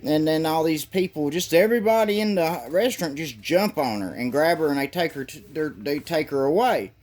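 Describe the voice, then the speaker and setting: A man's voice: a little high, lively intonation, brisk, a little mellow. A man casually retelling a comic book's plot in a loose, rambling way, with swearing and stumbles. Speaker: comic book reviewer.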